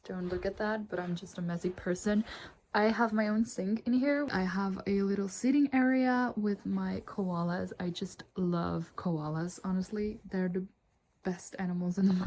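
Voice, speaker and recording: A mid-range, darkish voice belongs to a young woman who vlogs about books. She chats casually to her phone camera in her bedroom, with plenty of giggles and filler words.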